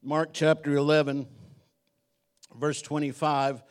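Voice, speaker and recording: A man's voice: a little high, level tone, slow pace, clear, resonant tone. A middle-aged man preaching a sermon as pastor in a church, joking and telling stories while acting out the voices he quotes.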